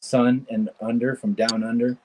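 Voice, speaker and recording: A man's voice: medium pitch, flat delivery, moderate pace, poor audio. A man from California with a Californian accent, hosting a livestream and chatting casually, laughing often as he tells jokey stories. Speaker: livestream host. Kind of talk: casual chat while wrenching.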